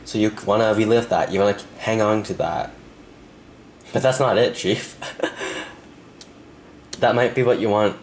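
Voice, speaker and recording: Low-voiced young man giving a tarot reading. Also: slight background noise. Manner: soft, earnest, speaks directly to the viewer with pauses. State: emotional, close to tears. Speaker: tarot reader. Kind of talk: pick-a-card tarot reading.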